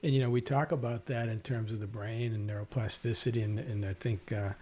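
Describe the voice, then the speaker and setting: A man's voice: lowish voice, steady tone, a little fast, a little mellow. A man interviewing a guest in a casual conversation, affirming often and thinking aloud with fillers. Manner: affirming, thoughtful, many fillers. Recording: faint background noise.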